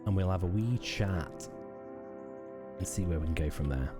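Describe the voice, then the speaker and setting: A man streaming a game, making relaxed, offhand asides between reading dialogue. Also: low voice, normal speed, over loud music. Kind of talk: let's play commentary reading game dialogue.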